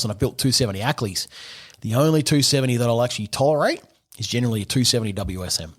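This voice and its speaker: Husky middle-aged aussie bloke, casual podcast yarn, swears a lot, laughs a lot. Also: male voice, medium pitch. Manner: animated, swearing, laughs often. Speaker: gunsmith guest.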